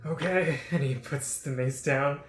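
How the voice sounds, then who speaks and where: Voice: mid-range voice, unhurried. Giggly game master in an echoey room. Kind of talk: narrating a tabletop game.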